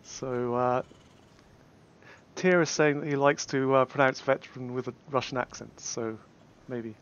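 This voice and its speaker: A man's voice: mid-range voice, fairly even intonation, unhurried, muffled recording. A man with an English accent casting a game tournament casually, hesitant, with many fillers and restarts. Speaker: tournament caster.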